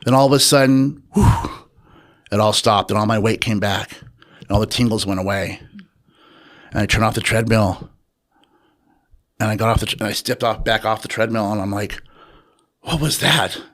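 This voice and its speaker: A man telling his personal story as an interview guest, in a reflective, unhurried way with pauses and fillers. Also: fairly low pitch, steady tone. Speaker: interview guest, author and researcher.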